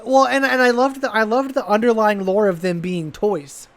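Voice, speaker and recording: A high-pitched man co-hosts a gaming podcast in relaxed conversation. He rambles with enthusiasm, often breaking off and restarting his sentences, and his tone stays loose and chatty. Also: moderate pace. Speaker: podcast co-host. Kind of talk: casual chat.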